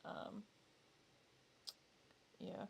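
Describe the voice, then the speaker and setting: A woman chatting casually as she reacts to a video she is watching, hesitant and quick to laugh. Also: a little hiss or hum. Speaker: reaction vlogger.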